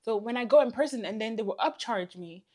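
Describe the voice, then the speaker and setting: A woman whose first language is not English, telling an exasperated, animated storytime vlog into her phone camera. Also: a little high, a little fast. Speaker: vlogger.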